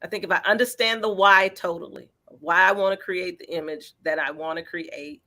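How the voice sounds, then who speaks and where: With a lowish voice and a moderate pace, a woman artist being featured in an interview gives lively, encouraging answers. She grounds what she says in everyday examples.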